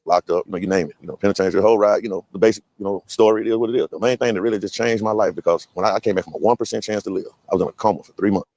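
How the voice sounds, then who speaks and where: A man telling his life testimony in a casual storytelling way, animated and acting out the people he quotes. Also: lowish voice, racing, hardly any pauses, no room sound. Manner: animated, acts out quotes of others.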